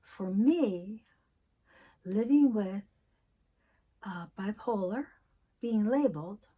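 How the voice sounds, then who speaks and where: A woman in her sixties talking candidly in a personal vlog, telling stories and reflecting slowly. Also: medium pitch, animated, mellow, slightly rough. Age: 60s. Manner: candid storytelling, slow and reflective. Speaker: vlogger.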